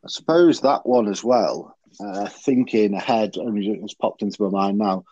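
A man's voice: lowish voice, normal speed, warm tone, husky, no echo, highs cut off. A man hosting a casual rugby chat podcast, rambling and full of fillers and restarts. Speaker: podcast host.

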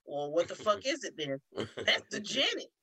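A woman's voice: medium pitch, sing-song, moderate pace, bright, forceful tone, breathy edge. A woman, co-hosting a casual podcast chat, who laughs often and acts out people in her stories. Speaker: podcast co-host.

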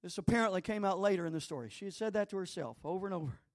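Male pastor, high voice, animated sermon storytelling, emphatic repeats, dry close sound. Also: racing, no echo. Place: church.

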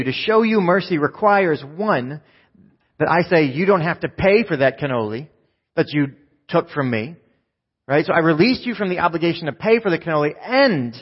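A man's voice: on the high side, breathy edge. A man preaching a sermon in a conversational way, often checking in with his listeners. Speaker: pastor. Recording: dull lo-fi sound with long hall reverb.

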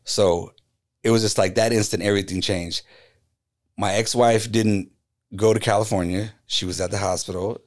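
A lowish male voice at normal speed: a middle-aged graffiti artist on a podcast telling a story about his own experience. The conversation is casual, and he's an animated narrator who acts out the voices of the people he describes.

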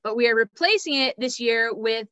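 A woman's voice: a little high, moderate pace, sharp tone, no room sound, poor audio. A woman hosting a live stream, giving chatty, enthusiastic announcements about upcoming events. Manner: chatty, enthusiastic, laughs at names. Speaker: host and race director.

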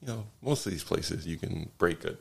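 A man's voice: low-pitched, expressive, moderate pace, vocal fry, breathy edge. A man casually telling travel stories as a podcast guest, rambling with many fillers and restarts. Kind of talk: casual storytelling.

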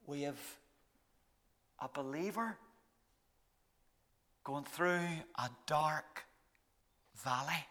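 A man preaches a sermon in a slow, measured way, with a voice that sits a little high for a man. He lets phrases sink to a soft hush. His voice rings out with a long reverb in a large hall. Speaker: pastor. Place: church service.

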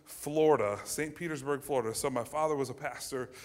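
A man in his thirties from the United States, telling a personal childhood story to an audience in an animated way with many fillers and restarts. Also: mid-range voice, brisk. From United States (Ohio). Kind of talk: personal anecdote told to an audience.

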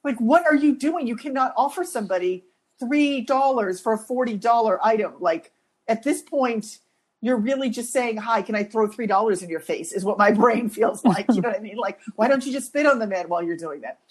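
A woman co-hosting a podcast, telling stories in a lively, self-deprecating way and laughing as she talks. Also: a little high, fairly quick, breathy edge. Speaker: podcast co-host. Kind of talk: casual conversational storytelling.

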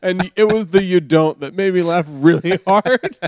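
A man's voice: high-pitched, moderate pace, no room sound, clean studio sound. A man co-hosting a podcast in casual chat, laughing often and mimicking bits with a shifting voice. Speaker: podcast co-host.

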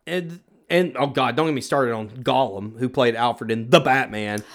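A man's voice: mid-range voice, moderate pace. A man from the United States co-hosting a podcast, talking through a movie in a casual, emphatic and opinionated way. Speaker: podcast co-host. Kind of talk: casual movie review chat.

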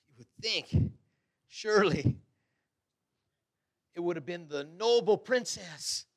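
A middle-aged man preaching a sermon, fervent, swinging between loud exhortation and quiet asides. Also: high-pitched, expressive, takes it slowly.

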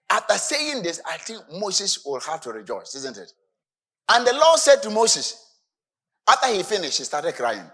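A male preacher delivers his sermon in a fairly high, very lively voice. He drops into soft asides, then climbs to shouted emphasis. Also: normal speed, breathy edge.

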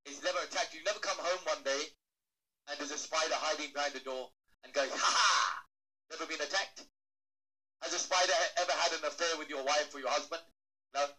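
A man with a bright, slightly high voice gives an animated stage talk to an audience. He teases the crowd, asks them questions, and acts out quick little voices to make his points. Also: poor audio. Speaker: motivational speaker.

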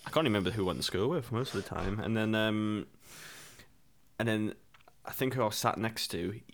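A man's voice: on the low side, fairly quick, slight background noise. A young man from England chatting casually, telling a school story with stammering restarts and giggles.

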